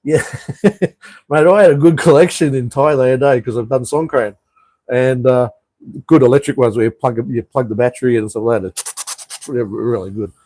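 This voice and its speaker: A man's voice: mid-range voice, normal speed, warm tone, no echo, poor audio. An Australian man hosting a casual live stream chat from a room above a street, rambling with frequent ums and uhs. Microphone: camera he turns toward the street.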